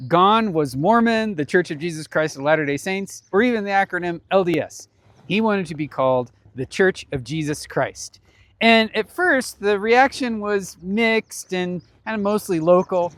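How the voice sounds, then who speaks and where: Chatty man with a higher voice. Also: no room sound. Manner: conversational, with frequent small chuckles. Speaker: ministry foundation presenter. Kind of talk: casual explanatory talk to camera. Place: outdoors on a mountain hiking trail.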